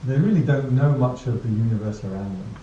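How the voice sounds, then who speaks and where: This man is a Buddhist monk teaching mindfulness, speaking fairly quickly in a mid-range voice. He keeps his class talk casual and funny, full of anecdotes and laughter at his own jokes. The audio is dull, distant, and roomy, with slight background noise.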